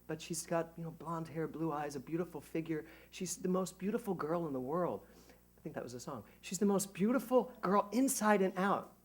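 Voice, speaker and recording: A middle-aged man, a minister, giving a conversational sermon to a congregation, animated and joking at his own expense. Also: a little high, a little fast. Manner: animated, jokey, self-mocking. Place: church service before a congregation.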